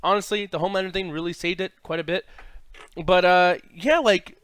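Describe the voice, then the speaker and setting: A man's voice: high voice, steady tone, brisk, a bit bright, clear, resonant tone. A man co-hosting a casual TV recap podcast, talking in a blunt, laid-back way and swearing casually. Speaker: podcast co-host.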